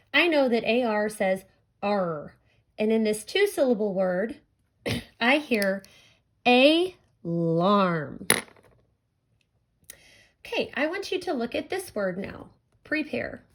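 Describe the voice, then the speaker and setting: Woman, teacher, phonics lesson for kids, slow and careful, stretches out sounds, fairly high voice. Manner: slow, clear, stretching out sounds for young learners. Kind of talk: recorded phonics lesson for children.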